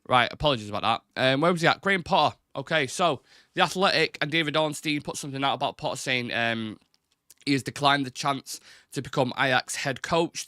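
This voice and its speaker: A man's voice: medium pitch, pushed and bright, no echo, studio quality. A man hosting a casual live football fan stream, chatty, swearing casually and answering viewer comments. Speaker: football fan channel host.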